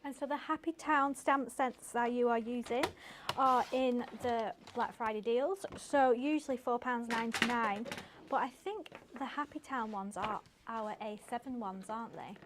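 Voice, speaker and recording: A woman's voice: a little high, normal speed, background noise. A woman presenting craft deals on shopping TV, gushing and upbeat. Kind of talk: enthusiastic sales chat. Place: TV craft studio.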